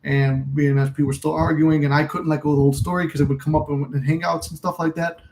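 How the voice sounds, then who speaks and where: A man's voice: a little high, flat delivery, quick pace, vocal fry, darkish tone, a little hiss or hum, rough recording. A man hosting a casual livestream, talking candidly in a rambling way, cursing freely and reading out and answering viewer comments. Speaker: livestream host.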